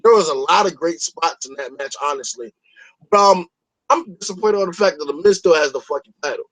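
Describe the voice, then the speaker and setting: High-voiced, profane male podcast host. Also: fairly quick, fairly bright tone, low-quality recording. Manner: profane, rambling, opinionated. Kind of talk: casual podcast chat.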